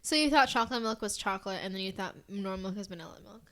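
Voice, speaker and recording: Bright-voiced young woman chatting casually. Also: mid-range voice, fast. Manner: relaxed, explaining with many fillers. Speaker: podcast co-host. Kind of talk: casual chat.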